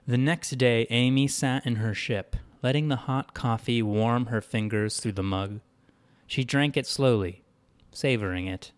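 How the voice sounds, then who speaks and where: A man narrating a story at an unhurried pace. His reading stays even and plain, in a mid-pitched voice. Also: clear, resonant tone, no echo.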